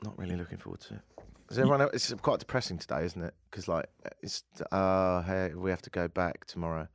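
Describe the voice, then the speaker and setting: A man's voice: low voice, fast, gravelly. A man hosting a radio talk show, bantering playfully and mocking himself. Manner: playful, animated, self-mocking. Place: radio studio.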